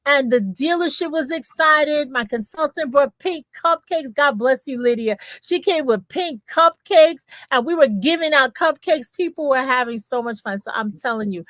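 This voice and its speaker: An older woman, a grandmother and beauty consultant, chatting on a livestream in an animated, emphatic storytelling manner. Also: sits high, moderate pace, few pauses, no room sound. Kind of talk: livestream testimonial chat.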